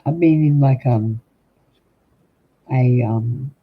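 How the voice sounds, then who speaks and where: Older aussie guy rambling to his stream chat, lotsa ums, husky voice, sounds like a phone line. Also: mid-range voice, slow pace. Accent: Australian. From Australia. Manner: rambling, chatty, frequent ums, talks straight to chat. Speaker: livestream tarot reader. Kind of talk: casual livestream chat with viewers. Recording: tinny phone-like husky audio.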